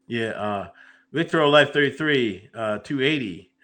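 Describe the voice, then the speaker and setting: Lively, bright-voiced male podcast co-host. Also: mid-range voice, unhurried. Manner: animated, laughs a lot. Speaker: podcast co-host reading viewer messages. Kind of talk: casual podcast chat.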